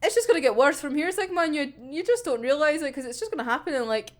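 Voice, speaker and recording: A woman's voice: high-pitched, expressive, fast talker. A young woman giggling and swearing freely as she recaps an anime episode, acting out the characters' lines. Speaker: anime reviewer. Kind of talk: casual episode discussion.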